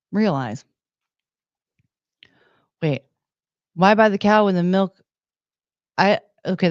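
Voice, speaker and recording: A woman's voice: lowish voice, clean tone, no echo, highs cut off. A young woman hosting a livestream, casually chatting and playfully reading out super chats. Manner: playful, reads out super chats with beeping sounds. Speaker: livestream host.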